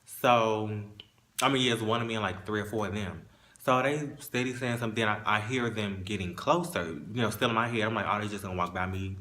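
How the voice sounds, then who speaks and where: A man telling a painful personal story in a casual monologue, halting and restarting as he holds back tears. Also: fairly low pitch, sharp tone.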